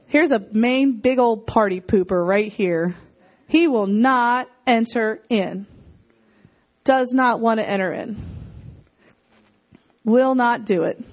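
A woman in her thirties preaching a sermon in an animated way. She repeats lines for emphasis and often laughs as she talks. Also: a little high. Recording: dull lo-fi recording.

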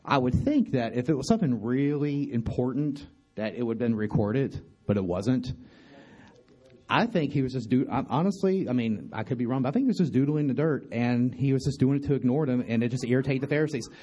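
Mellow-voiced man musing on scripture. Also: medium pitch, lively intonation, lo-fi sound, soft background music. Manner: halting, many restarts and fillers; conversational, asks listeners questions. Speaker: bible teacher. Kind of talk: informal bible study talk.

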